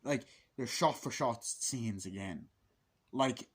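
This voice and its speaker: A man's voice: mid-range voice, breathy edge. A man giving a casual, blunt and profane film review, griping about a movie and acting out its scenes. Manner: profane, blunt, acts out scenes in quick put-on voices.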